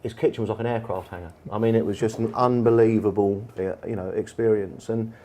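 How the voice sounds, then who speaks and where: A man's voice: lowish voice, steady tone, a little fast, mellow. Chatty Englishman telling football stories. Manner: chatty, anecdotal, with frequent fillers. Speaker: football manager and guest speaker. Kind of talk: storytelling in an on-stage conversation. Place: bar event room with an audience.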